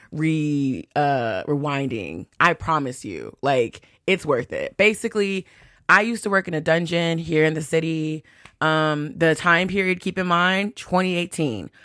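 A woman's voice: deep voice, a bit bright, no echo, studio quality. A woman hosting a podcast, telling a story in a chatty, profane way, full of fillers and acted-out quotes. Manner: chatty, profane, heavy use of "like", acts out quotes. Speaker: podcast host. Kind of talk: casual storytelling. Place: New York City.

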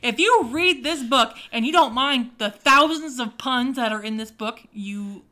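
A woman's voice: fairly high pitch, a little slow, sharp tone. A young woman co-hosting a casual book podcast, ranting with mock outrage and laughing often. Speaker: podcast co-host. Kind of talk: casual chat about books.

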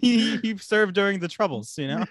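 A man's voice: high voice, animated, normal speed, crowd noise. A young man hosting a casual podcast chat, giggling often through his own jokes. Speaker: podcast host.

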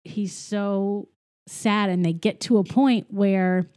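A woman's voice: mid-range voice, takes it slowly. A woman in casual chat, animatedly retelling a film scene by scene, acting out the characters' lines and saying "like" a lot. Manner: animated retelling, acts out quoted lines, frequent "like". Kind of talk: casual movie recap chat.

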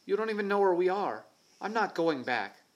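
A man's voice: sits high, sing-song, normal speed, highs cut off, voice pushed up. A man reading aloud voices a frightened young boy who whines and refuses to go back. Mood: scared. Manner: whiny, fearful. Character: scared tearful young boy.

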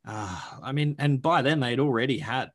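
A man's voice: mid-range voice, normal speed. Chatty man rattling off stats. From Australia. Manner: animated, joking, rattles off stats with lots of fillers. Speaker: podcast co-host. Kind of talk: casual sports podcast chat.

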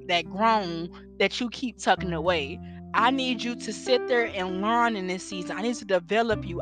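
A young woman giving an earnest, faith-based motivational talk, with rhetorical questions and a preacher-like way of speaking. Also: medium pitch. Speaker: inspirational speaker. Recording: guitar music bed under voice. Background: guitar music.

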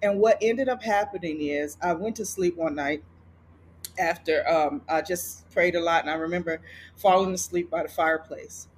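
A woman guest author telling a personal story in a casual podcast conversation, animated and laughing often. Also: fairly low pitch, moderate pace, slight background noise.

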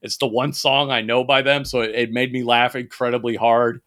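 This podcast co-host has a mid-range, fairly bright voice and a flat delivery at normal speed. He talks about movies casually and with animation, laughing and swearing a lot and often restarting amid plenty of fillers.

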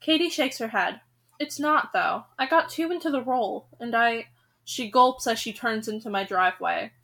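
Bright high-voiced woman reading a novel. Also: normal speed, vocal fry. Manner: breaks off reading to rant, swearing and laughing; quiet, low-key aside after the break. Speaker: audiobook reader. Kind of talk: reading a novel aloud with her own reactions.

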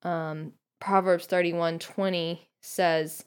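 Thoughtful low-voiced woman podcaster. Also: fairly even intonation, a little slow. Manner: thoughtful, many ums, reads passages aloud. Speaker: guest podcast host. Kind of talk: podcast book discussion.

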